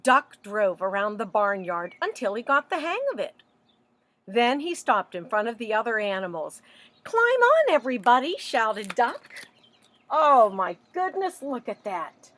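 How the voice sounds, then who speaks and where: A woman librarian reading a picture book aloud to children, animated and asking them questions as she goes. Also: mid-range voice, unhurried. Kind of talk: children's story read-aloud.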